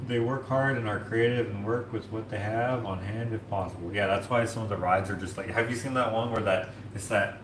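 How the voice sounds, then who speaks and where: A man's voice: on the low side, steady tone, fairly quick, few pauses, roomy sound, background noise. A man hosting a casual livestream from his home kitchen, washing dishes while he reads comments and rambles, full of filler words like "like". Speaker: streamer and host.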